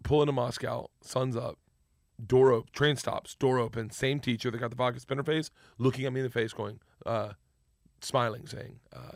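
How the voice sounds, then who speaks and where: A young man telling a wild story in casual chat. He is animated and swears freely. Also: mid-range voice, moderate pace, gravelly, no echo, studio quality.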